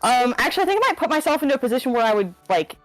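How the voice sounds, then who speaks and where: A woman's voice: high-pitched, very animated, very fast, no echo, faint music behind. A woman playing in a tabletop game, chatty and a bit hesitant while deciding her moves. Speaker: player. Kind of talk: casual tabletop play.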